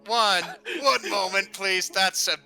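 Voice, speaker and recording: A man's voice: sits high, steady tone, slow, music in the background. A man hosting a live reading, making flustered, chatty asides. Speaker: host of the reading.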